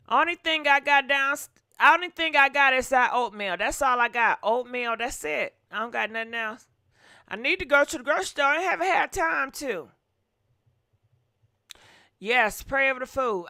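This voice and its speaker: Woman host, folksy chatty manner, bright voice, dry close sound. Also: a little high, dry recording. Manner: chatty, folksy, sighing and humming asides. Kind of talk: casual chat to viewers.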